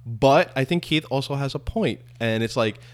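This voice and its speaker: A man's voice: medium pitch, normal speed. A man co-hosting a casual podcast chat, rambling and questioning with many restarts. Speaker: podcast co-host.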